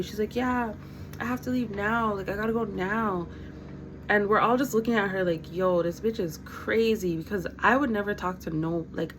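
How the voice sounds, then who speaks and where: Mulher contando história, direta e animada. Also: female voice, medium pitch, slight background noise, rough recording. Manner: animated and blunt, swears freely, quotes others. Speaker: vlogger. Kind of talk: casual storytime.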